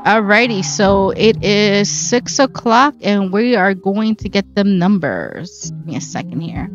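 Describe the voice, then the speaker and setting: A woman's voice: mid-range voice, lively intonation, measured pace. Woman gamer, chatty let's-play narration, dull lo-fi mic, faint game music behind. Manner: chatty, self-mocking, reacts aloud to the game. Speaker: gameplay streamer. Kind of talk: casual let's-play commentary.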